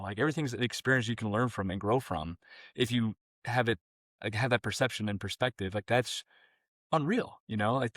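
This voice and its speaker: A man hosting a podcast, reacting excitedly and laughing, then rambling through his thoughts. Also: fairly low pitch, dry recording, clean studio sound. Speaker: podcast host. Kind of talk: casual conversational interview.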